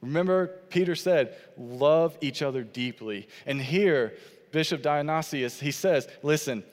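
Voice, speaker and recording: A man's voice: a little high, unhurried, long reverb tail. A man preaching a sermon as pastor, earnest and repetitive, quoting scripture and building phrase on phrase.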